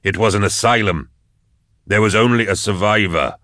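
A scarred old male investigator asks short, firm questions in a low voice, voiced by a man in an audiobook. The sound is close and dry. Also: normal speed, pushed and bright, dry recording. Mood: defiant. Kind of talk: audiobook reading.

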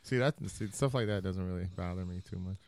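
Gravelly, laid-back joking man. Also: low voice, quick pace, noisy background. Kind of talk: casual chat.

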